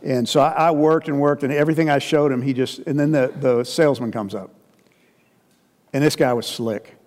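Animated middle-aged preacher in a reverberant hall. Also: male voice, mid-range voice, normal speed. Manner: animated storyteller, acts out quoted voices. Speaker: pastor. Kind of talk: sermon with storytelling.

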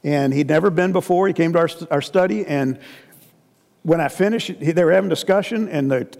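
A middle-aged man preaches, telling stories in a lively way and acting out the people in them. His voice sits fairly high and rings out with a long hall reverb behind it. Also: a little fast, gravelly. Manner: animated storyteller, acts out quoted voices. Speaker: pastor. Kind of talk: sermon with storytelling.

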